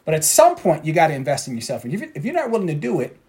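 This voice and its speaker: A man's voice: fairly high pitch, wildly swooping pitch, racing, darkish tone. A man coaching traders in a motivational talk, preachy and repeating his points for emphasis. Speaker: trading coach.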